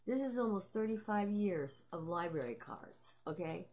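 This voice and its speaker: A woman's voice: lowish voice, lively intonation, normal speed, very noisy. A middle-aged woman vlogging in a rambling, casual monologue, swearing freely and laughing often. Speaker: vlogger and aspiring author.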